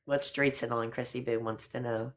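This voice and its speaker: A woman's voice: rumbling low, fairly even intonation, moderate pace. A middle-aged woman hosting a casual live stream chat, talking in a chatty, affectionate way and calling people honey and girl.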